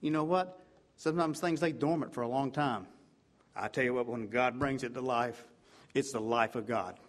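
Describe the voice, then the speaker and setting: A man preaching a sermon with fervor, repeating "I tell you what" and swinging from loud emphatic peaks to low hushed passages. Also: moderate pace.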